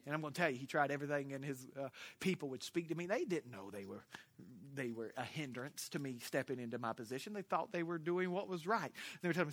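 A man's voice: fairly high pitch, expressive, fast. A man pastor from Florida with a Southern accent, preaching a sermon through humorous, folksy storytelling.

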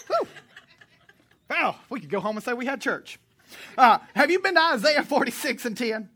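Man, pastor, animated sermon, joking, bright edgy tone, church congregation. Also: sits high, fast talker. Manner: animated and joking, at times shouting.

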